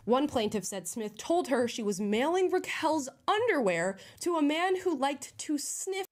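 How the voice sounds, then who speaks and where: A woman delivering scripted commentary in a measured way, reading out headlines and quotes. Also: sits high, very animated. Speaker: online commentator.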